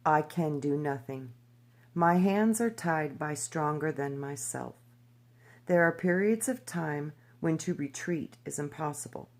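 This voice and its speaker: A woman reading the lines of a grave old male prophet foretelling doom, in her own low, measured voice. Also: a little mellow. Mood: solemn. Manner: solemn, measured pronouncements.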